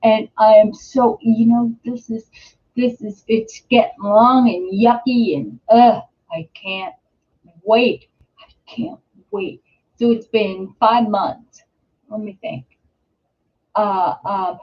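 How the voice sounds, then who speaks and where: Slow, rambling woman host on a dull webcam. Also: fairly high pitch. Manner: rambling, with many fillers and restarts. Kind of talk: casual live-stream chat. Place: at home. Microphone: webcam or computer mic. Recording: slightly dull, lo-fi home webcam audio.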